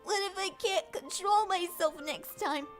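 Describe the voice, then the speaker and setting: A woman's voice: very high-pitched, unhurried, faint music behind. A woman voicing a mischievous young filly, a half-draconequus princess of chaos, who talks boastfully, nervously or sadly in a fan-made cartoon. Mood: ashamed. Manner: boastful and hyper, swinging to sulky and small. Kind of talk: fan-made animated film dub.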